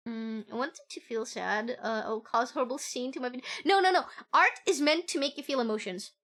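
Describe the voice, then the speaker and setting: High, bright, gushing woman streamer. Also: fairly quick. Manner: gushing and excitable, squealing with delight; giggles often and swears casually. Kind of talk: casual live-stream chat.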